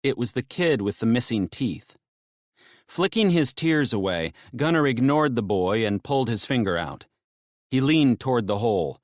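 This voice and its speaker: Male narrator, tense audiobook storytelling, lively intonation, dry studio sound, low soft dips. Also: moderate pace, dry recording.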